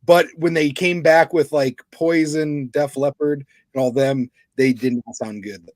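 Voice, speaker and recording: A man co-hosting a podcast in casual chat, telling stories in a relaxed way and laughing easily. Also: fairly high pitch, a little slow, no echo. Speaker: podcast co-host.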